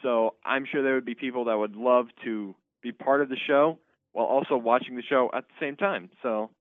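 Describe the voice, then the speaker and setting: A man's voice: mid-range voice, moderate pace, no room sound. Teenage boy on a tinny phone line. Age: teens. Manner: hesitant, with fillers. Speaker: student actor guest. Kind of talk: phone interview.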